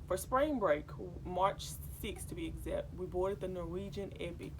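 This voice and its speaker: A woman's voice: on the low side, moderate pace. A young woman vlogging casually to her viewers from a cruise ship, chatty and worked-up, calling them y'all. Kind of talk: casual direct-to-camera vlog. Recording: noisy ship background.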